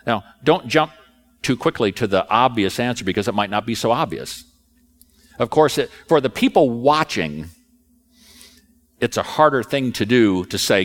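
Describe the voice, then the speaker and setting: A male preacher tells his story in an easy, conversational way, his pitch swinging up and down with lively emphasis. The voice sits in the middle of the male range and sounds animated throughout. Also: normal speed. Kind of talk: sermon.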